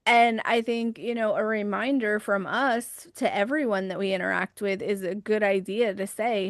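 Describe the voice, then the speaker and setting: A woman hosting a podcast interview, chatty and quick to laugh, with frequent affirmations. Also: mid-range voice, fairly even intonation, no echo, clean studio sound. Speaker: podcast host. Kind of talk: casual interview talk.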